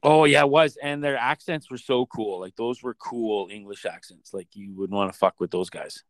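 Low-voiced laid-back man, dry sound. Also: normal speed, dry recording. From Manitoba, Canada. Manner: laid-back and chatty, swears freely. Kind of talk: casual chat.

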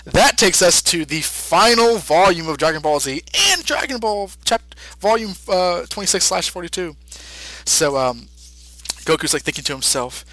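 A male podcast co-host recapping a story in a chatty, filler-heavy way and laughing often. His voice is bright and slightly high, and the recording is dry and close. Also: animated, moderate pace, no room sound, rough recording.

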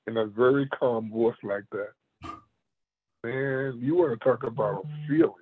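Male martial arts master, animated storyteller, husky, heard over a tinny phone-like line. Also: medium pitch, moderate pace. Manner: animated storyteller, laughs often. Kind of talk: storytelling in a conversation.

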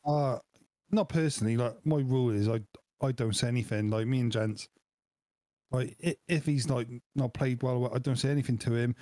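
A man's voice: medium pitch, moderate pace, warm tone, no room sound. A man, co-hosting a podcast and telling stories with a laugh. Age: 40s. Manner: laughing, storytelling. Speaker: podcast co-host. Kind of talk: casual chat.

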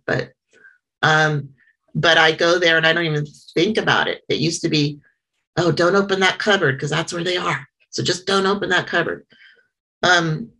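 A middle-aged woman talks through her experience at a small meeting. Her voice sits low and has a gravelly fry to it. She speaks earnestly but haltingly, often pausing and starting over. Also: fairly bright tone, poor audio. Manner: halting and earnest, many pauses and restarts. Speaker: member sharing at a support meeting. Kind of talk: personal share at a small meeting.

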